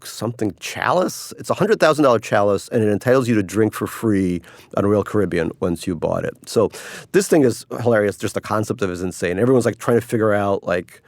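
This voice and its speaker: A middle-aged author, interviewed about his cruise article, talks casually and wryly, rambling, laughing often and using mock voices for quotes. His voice is on the low side and fairly quick, recorded cleanly in a studio with no room sound.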